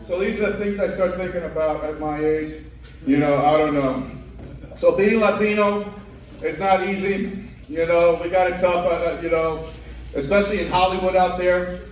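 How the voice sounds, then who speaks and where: On a club stage, a middle-aged man does wry stand-up, tossing rhetorical questions at the crowd in a high, fairly even voice at a moderate pace. The recording is echoey and distant, with a little hiss or hum.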